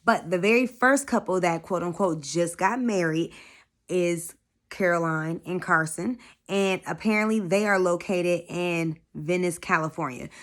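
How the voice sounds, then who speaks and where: Woman, lowish voice, casual show recap, slangy, blunt, swears a lot, talks straight to viewers. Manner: slangy and candid, with frequent swearing; chatty asides to viewers.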